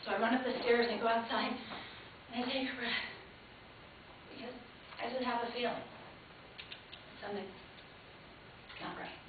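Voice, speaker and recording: A woman performing an emotional, dramatic monologue, her loudness swinging sharply from hushed to loud. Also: on the high side, steady tone, normal speed, long pauses, slight background noise. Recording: echoey hall heard from far, tinny lo-fi camcorder sound.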